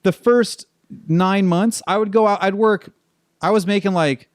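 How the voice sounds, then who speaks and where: A young man casually telling stories as a podcast guest, animated and acting out voices. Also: sits high, measured pace, dry recording, studio quality. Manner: animated, acts out voices in anecdotes. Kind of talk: casual storytelling.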